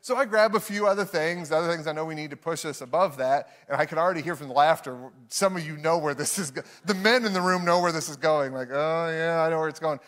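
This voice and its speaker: A man's voice: on the high side, fast, few pauses, fairly bright tone. A man, preaching a sermon in a conversational, self-deprecating storytelling way to a live congregation. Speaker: pastor.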